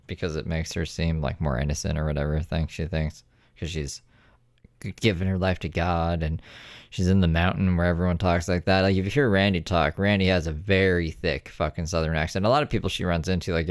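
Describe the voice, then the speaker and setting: Deep-voiced man, dry sound, mocking commentary host. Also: no echo. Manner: sarcastic, profane. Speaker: reaction commentator. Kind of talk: casual reaction commentary.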